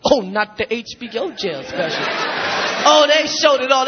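A man doing a stand-up comedy routine on stage, loud and profane, shouting his punchlines. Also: extremely high pitch, very animated, normal speed. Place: comedy stage before a live audience. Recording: dull live recording with loud crowd. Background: audience laughter and crowd noise.

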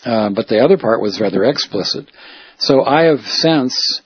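Male reporter-activist, rambling monologue, husky, dull lo-fi audio. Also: medium pitch, animated, normal speed, no room sound. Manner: rambling, digressive, self-correcting. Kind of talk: casual spoken monologue.

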